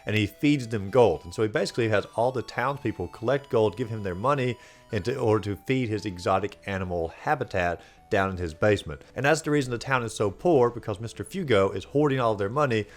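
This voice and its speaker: A man's voice: on the low side, brisk. A man hosting a video game playthrough recap, talking in a casual, rambling way with lots of fillers. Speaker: host.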